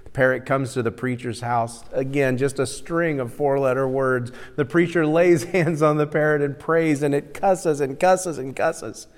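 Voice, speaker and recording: Male pastor, conversational sermon, chuckles at his own jokes, mid pitch, echoing sanctuary. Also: normal speed, few pauses. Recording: reverberant hall sound.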